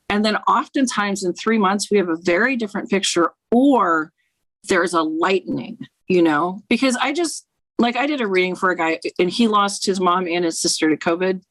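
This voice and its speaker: A woman's voice: mid-range voice, normal speed, fairly bright tone, dry recording, rough recording. Blunt woman tarot reader, swears a lot, casual chat, dry close sound. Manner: blunt, frank, swears freely. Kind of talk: casual conversation, interview guest.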